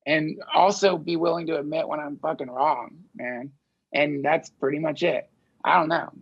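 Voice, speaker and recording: A man talks in loose, searching sentences, swearing freely as he thinks aloud. His voice is gravelly with a husky edge. The audio is dull and lo-fi, like a podcast recording. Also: fairly high pitch, steady tone, normal speed. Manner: rambling, profane, searching. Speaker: podcast guest. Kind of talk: casual conversation.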